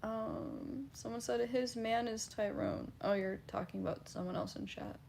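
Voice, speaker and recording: A woman's voice: on the high side, sing-song, moderate pace, gravelly, a little mellow, a little hiss or hum. A woman livestreamer casually reading and answering chat, blunt and laughing, swearing freely.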